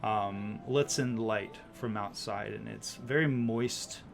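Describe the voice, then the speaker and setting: Man as game master, loose descriptive narration, soft music underneath. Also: lowish voice, slow, gravelly. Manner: descriptive, with many likes and ums. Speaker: dungeon master.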